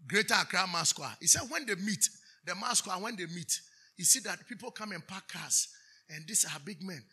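A man's voice: sits high, animated, moderate pace, bright, forceful tone, husky. A Ghanaian man preaching a sermon, preaching emphatically, drawing answers from the congregation with questions and switching between English and Twi. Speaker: pastor.

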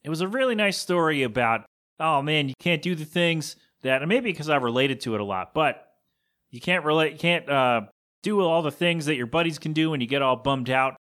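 A man's voice: on the high side, lively intonation, a little fast, fairly bright tone. A man hosting a podcast in a casual, rambling chat, teasing himself as he talks. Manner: rambling and self-mocking. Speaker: podcast host.

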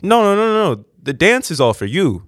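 A man's voice: high voice, big pitch swings, brisk, fairly bright tone, no room sound, pitched above the performer's own voice. A pushy young woman, coaxing and insistent, wheedling a stranger into buying her a drink, as a man retells it in his own lightly raised voice. It stays close to his everyday storytelling sound.

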